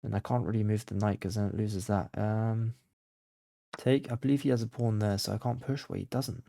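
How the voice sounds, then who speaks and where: Here the chess creator's voice is lowish, gravelly and steady, moving a little fast as he mutters his way through a blindfold game for his channel. He thinks aloud, flips between calm focus and flustered panic when he loses track of the board. The recording is dry, with clean studio sound.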